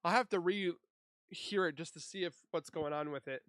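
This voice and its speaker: Here a chatty Minnesotan streamer reads his chat aloud and answers it during a casual broadcast, using a desk microphone. His voice sits on the high side, a bit bright, at a moderate pace.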